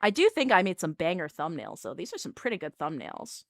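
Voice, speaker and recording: A woman VTuber chatting casually on a live stream, animated and self-mocking. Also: lowish voice, a little fast, no echo, clean studio sound, soft background music.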